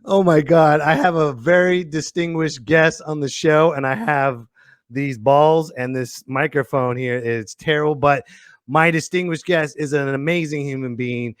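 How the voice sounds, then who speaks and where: A man's voice: fairly high pitch, steady tone, measured pace, smooth, no echo, clean studio sound. A man in his thirties hosting a podcast with a goofy, jokey, rambling delivery. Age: 30s. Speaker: podcast host. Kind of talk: casual comedic monologue.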